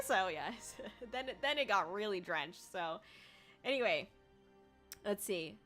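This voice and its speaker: A young woman streaming, chatting casually with her viewers, laughing often and breaking into squealing shouts. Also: mid-range voice, animated, measured pace. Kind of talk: casual livestream chat. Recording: faint music behind.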